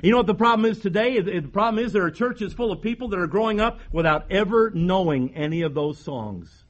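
High-voiced man preaching emphatically. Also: lively intonation, fairly quick, dull audio. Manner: emphatic preaching with repeated phrases and rhetorical questions. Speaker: pastor. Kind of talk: sermon.

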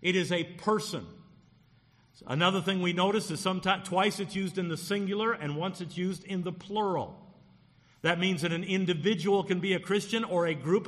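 A man's voice: high-pitched, fairly bright tone, big-room sound. A man preaching a sermon as pastor, pressing hard on key words to drive his points home.

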